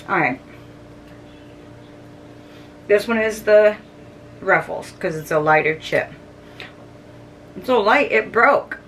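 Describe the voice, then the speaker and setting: A woman's voice: medium pitch, lively intonation, takes it slowly, pauses often, a bit bright. A middle-aged woman chatting casually as she tastes and reviews snacks on her video channel, humming and chewing between bites. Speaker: food vlogger. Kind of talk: casual food review to camera. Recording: distant mic, faint background noise.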